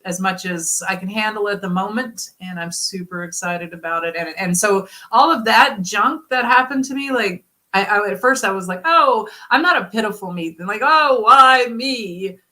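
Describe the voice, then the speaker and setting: A woman chatting as a podcast guest, animated and openly dramatic, laughing easily. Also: mid-range voice, moderate pace, few pauses. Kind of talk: casual chat.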